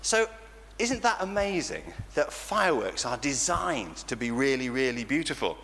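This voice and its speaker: A man with an English accent leading an all-age church talk for children, animated and playful, often laughing. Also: medium pitch, moderate pace. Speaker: church leader. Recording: church reverb with faint noise.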